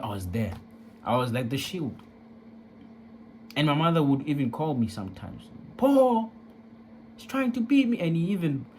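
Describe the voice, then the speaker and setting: A young man speaking candidly about his life, raw and profane, with casual slang throughout. His pitch swings widely as he talks, sitting in an ordinary middle register. A faint hiss of noise sits under the voice. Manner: emotional, profane, street slang. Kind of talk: candid personal storytelling.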